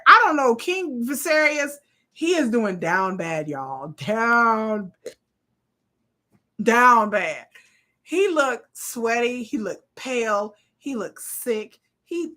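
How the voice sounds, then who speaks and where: A woman, hosting a live watch party with blunt, profane, animated casual commentary. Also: a little high. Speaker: live-stream host.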